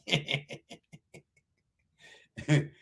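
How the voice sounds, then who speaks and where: A man hosting a livestream, taunting a viewer in chat with drawn-out mocking questions and laughter. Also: a bit bright. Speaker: livestream host.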